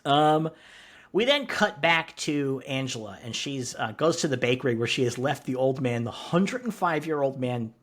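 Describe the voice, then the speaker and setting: A man co-hosting a podcast, retelling a TV episode in a rambling, animated way with laughs and swearing. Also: mid-range voice, normal speed. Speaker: podcast co-host. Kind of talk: casual recap chat.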